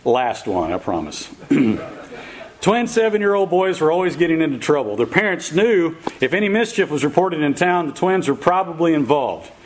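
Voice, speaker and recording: A man's voice: a little high, rough recording. A man preaching a sermon in a casual, folksy way, with fillers and chuckles at his own jokes before turning to scripture. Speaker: pastor.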